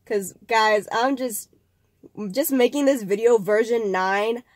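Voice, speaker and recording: Still a bit nasal from a cold she's recovering from, the young vlog host talks to camera in a chatty, rambling manner with fillers and restarts. Her voice sits on the high side and she speaks slowly. The recording has no room sound.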